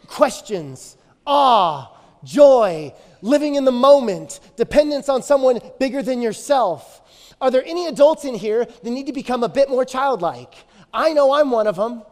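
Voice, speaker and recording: High-voiced man preaching in a hall. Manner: animated storytelling preacher, repeating phrases for emphasis. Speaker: pastor. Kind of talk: sermon.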